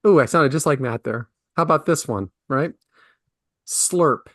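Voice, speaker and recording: A man's voice: medium pitch, a little fast, fairly bright tone, no echo, studio quality. A man co-hosting a casual podcast, ranting in mock outrage about words he hates. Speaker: podcast co-host.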